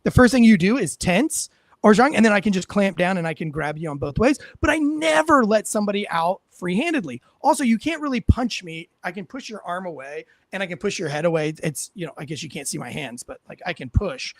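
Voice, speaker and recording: A former police officer telling a story in casual chat, animated and profane, acting out what people said. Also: male voice, sits high, fairly quick, no room sound. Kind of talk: casual storytelling on a talk show.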